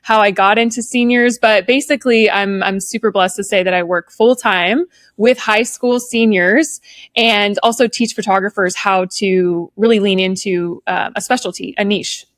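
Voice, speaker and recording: A woman's voice: medium pitch, fairly even intonation, normal speed, no room sound, clean studio sound. A young woman from Southern California, a photographer guesting on a podcast, talking in an upbeat, friendly way. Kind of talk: casual podcast chat.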